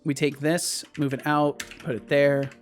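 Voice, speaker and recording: A man's voice: a little high, little pitch movement, unhurried, faint music behind. A man streaming live as he codes, thinking aloud and often repeating and restarting his phrases. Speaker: streamer and game developer.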